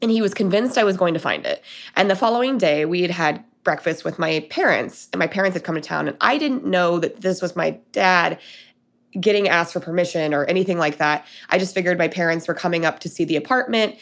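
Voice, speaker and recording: Guest spot: young woman from Denver, casual storyteller, slightly low voice, full of fillers. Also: a little fast. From Denver, USA. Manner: chatty, many fillers and quoted dialogue. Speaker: guest telling her story.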